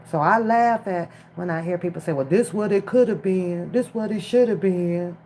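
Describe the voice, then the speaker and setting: A woman's voice: on the low side, normal speed, hardly any pauses, a little mellow, a little hiss or hum. A woman chatting casually on a live stream from her phone, talking straight to the viewers in chat. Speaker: livestream commentator.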